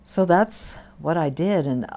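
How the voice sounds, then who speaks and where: A woman's voice: low voice, measured pace. An older woman, a priest, telling stories from her life in an interview, bringing quoted people to life as she goes. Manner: warm anecdotal storytelling with lively quoted voices. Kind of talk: storytelling interview. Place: community TV studio.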